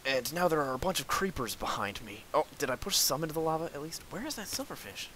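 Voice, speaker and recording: A young man hosting a gameplay video, excitedly commenting on his own play, talking to his enemies and breaking into outbursts and laughs. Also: fairly high pitch, fast talker, slight background noise, poor audio. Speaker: gaming video host.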